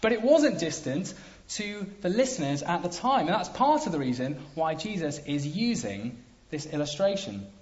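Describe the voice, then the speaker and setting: Guy preaching, bit high and really animated, emphatic with big pauses, dull lo-fi sound. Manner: emphatic, lively delivery with dramatic pauses. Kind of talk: sermon. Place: church hall.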